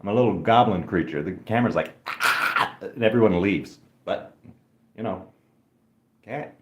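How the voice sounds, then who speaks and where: A man's voice: lowish voice, moderate pace, reverberant, noisy background. A man streaming casually from an apartment, rambling and self-deprecating, cooing at a cat between thoughts. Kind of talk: casual livestream chat. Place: indoors in an apartment.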